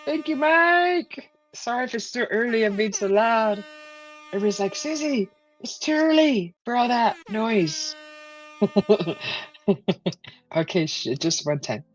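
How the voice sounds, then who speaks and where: A woman hosting a casual live stream, chatting with viewers, hesitant with many fillers and thanking viewers with excited whoops. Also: mid-range voice, dry recording, lo-fi sound.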